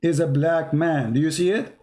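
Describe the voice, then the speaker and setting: A man leads a heated call-in debate, pressing his caller again and again. His voice sits a little high but sounds dark and mellow. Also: steady tone, normal speed, slight background noise. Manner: insistent, challenging, repeats phrases.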